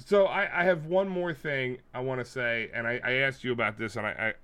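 A man's voice: medium pitch, a little fast, bright, forceful tone, smooth. A man co-hosting a podcast, chatting casually, rambling through stories and swearing freely. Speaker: podcast co-host. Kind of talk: casual chat.

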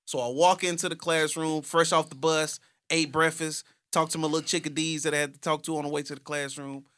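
A man's voice: fairly high pitch, level tone, brisk, a bit bright, clean tone, no room sound. A man in his thirties from Texas, telling a story in casual podcast chat with theatrical energy. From Houston, Texas. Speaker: podcast host.

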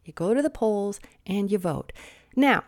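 Her voice animated and darkish, her pace measured, a woman in her thirties delivers mocking, sarcastic political commentary. She lectures her listeners, sounds a little sniffly, and imitates opponents in shrill tones.

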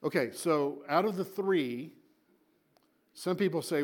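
A man preaching a sermon to a congregation. He tells the story dramatically, repeats words for emphasis, and swings between loud and soft. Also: medium pitch, brisk. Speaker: pastor.

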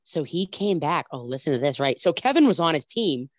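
A woman in casual chat, telling a reality show story in an animated way and acting out what people said. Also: low voice, a little fast, no room sound, clean studio sound. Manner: animated storytelling, acts out quotes, many "like"s.

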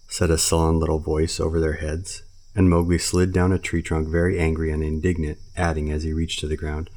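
A man reads a classic storybook aloud in a steady, even manner. His voice sits very low. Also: normal speed. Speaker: narrator. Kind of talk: storybook reading.

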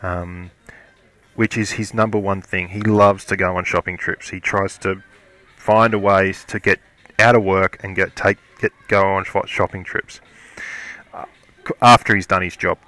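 A man tells a casual story and keeps circling back, stumbling and restarting his sentences. His voice sits a little low but sounds bright and forceful. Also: little pitch movement, no room sound. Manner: rambling, halting, many restarts. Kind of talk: casual anecdote.

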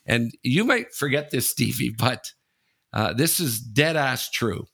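A man's voice: medium pitch, animated, unhurried, vocal fry, fairly bright tone, slightly rough. A man hosting a casual podcast, telling a frank personal story, swearing freely and turning to his co-host as he talks.

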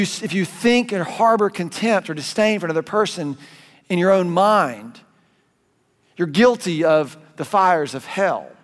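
Male Southern pastor, high voice, animated conversational sermon, reverberant sanctuary. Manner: conversational, animated preaching with asides and restarts. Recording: long hall reverb.

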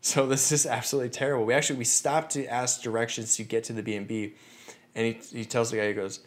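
A man at a middle pitch tells stories on his podcast in a chatty, animated way. He moves between lively bursts and quieter asides. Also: fast talker. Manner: chatty, animated, many fillers and restarts. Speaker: podcast host. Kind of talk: casual storytelling.

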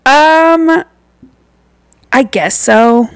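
A woman's voice: high-pitched, expressive, no echo. Easygoing woman with a Baltimore accent. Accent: light Baltimore. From Baltimore area. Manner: easygoing, chatty, quick to laugh. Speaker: podcast guest. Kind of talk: casual chat.

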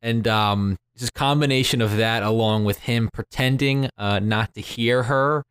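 A man who is a podcaster and movie critic, speaking in a measured, earnest way with frequent "uh" fillers. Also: medium pitch, a bit bright, clean tone, no room sound. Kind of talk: casual podcast discussion.

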